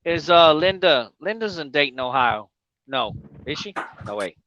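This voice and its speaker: A man co-hosting a casual livestream chat, animated, laughing often and swearing casually. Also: a little high, normal speed, lo-fi sound. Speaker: co-host of a trucking livestream.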